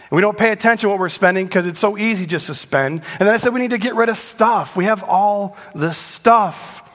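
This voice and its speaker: A middle-aged male pastor preaching to his congregation, animated and joking with the crowd. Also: high-pitched. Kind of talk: sermon. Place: church sanctuary. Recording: long reverb in a large hall.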